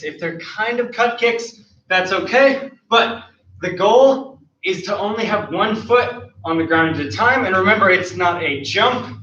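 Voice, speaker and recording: A high-voiced, bright-sounding man runs an online martial arts lesson, doing the kicks alongside his students, counting moves and calling cues while out of breath. He's distant from the mic in a roomy studio, and the dull recording carries a slight hiss or hum.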